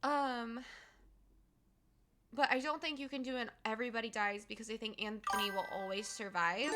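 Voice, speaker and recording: A woman's voice: fairly high pitch, steady tone, normal speed, over music. A young woman streamer chatting casually to her viewers, rambling with lots of fillers and giggles, emotional after finishing a game. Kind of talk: casual live-stream chat.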